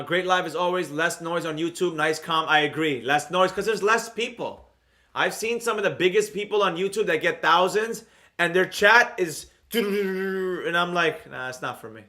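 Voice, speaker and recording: Bright, energetic trading streamer man. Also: high voice, measured pace. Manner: rambling, energetic, talks straight to viewers. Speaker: trading educator hosting a live stream. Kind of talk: casual live-stream chat reading comments.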